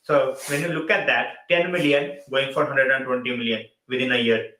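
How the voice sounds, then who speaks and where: A man's voice: mid-range voice, fairly even intonation, moderate pace, pushed and bright, roomy sound, poor audio. Man mixing Hindi and on a stream. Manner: switches between Hindi and English mid-sentence, repeats phrases. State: tired and yawning late at night. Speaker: football channel host. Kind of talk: live stream football chat.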